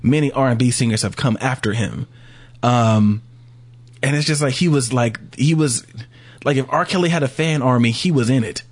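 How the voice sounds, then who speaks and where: A man's voice: mid-range voice, normal speed. A man co-hosting a podcast, chatting casually, rambling and laughing often. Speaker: podcast co-host. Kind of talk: casual chat.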